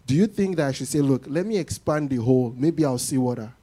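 A man preaching a sermon to a congregation in an animated way, often acting out what people say. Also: medium pitch, brisk.

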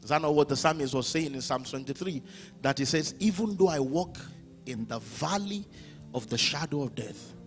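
A man preaching a sermon as pastor, swinging from hushed lines to shouted ones. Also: fairly high pitch, normal speed, soft background music.

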